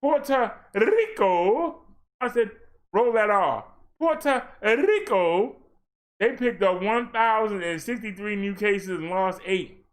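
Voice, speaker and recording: The Maryland-based fitness streamer goes through a lengthy list of daily numbers in a casual livestream, punctuating it with playful asides and exclamations. He speaks unhurriedly in a steady tone, his voice high for a man.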